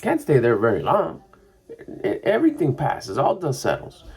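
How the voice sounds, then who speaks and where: A man's voice: mid-range voice, huge pitch swings, normal speed, vocal fry, darkish tone, husky. A middle-aged man, a mindset coach, talking in a rambling, casual monologue full of fillers. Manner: rambling and conversational, with frequent fillers.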